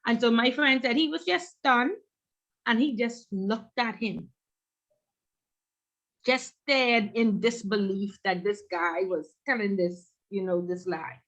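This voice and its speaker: A woman instructor leading an online class, telling a workplace story in an animated way. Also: on the high side, slow pace, muffled recording. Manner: animated, acts out quoted voices.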